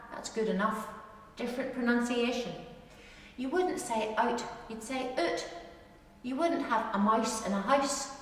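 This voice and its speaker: A middle-aged woman with an Ulster accent gives a lively, informal lesson on dialect words, drawing out the words she demonstrates. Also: fairly high pitch. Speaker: tour guide teaching dialect words. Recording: echoey hall, distant mic.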